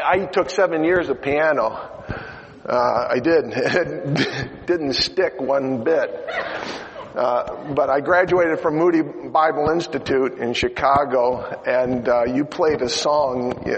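Older man preaching with a gravelly voice. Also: mid-range voice. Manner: emotional storytelling with asides to listeners. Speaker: pastor. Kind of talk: sermon. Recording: lo-fi recording in a reverberant hall, faint noise.

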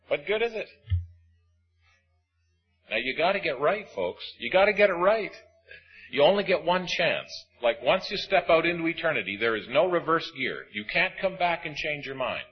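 It's a sermon from a man with a husky edge, emphatic and swinging between loud and hushed, his pitch sweeping widely and lively. The sound is dull and lo-fi, with faint music in the background.

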